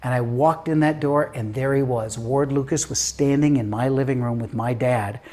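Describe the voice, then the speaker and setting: A middle-pitched man in his fifties, from Denver, telling a story as an interview guest. He talks in a lively, animated way, slipping into the voices of the people in his story, with plenty of ums and restarts. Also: normal speed. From Denver, USA. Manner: animated, acts out quoted voices with filler words. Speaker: guest author.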